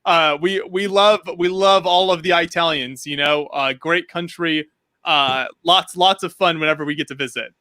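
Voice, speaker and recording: A man's voice: on the high side, fairly even intonation, moderate pace, sharp tone, dry recording. An American man hosting a casual video call chat, easygoing, with stumbling fillers. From United States. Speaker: show host.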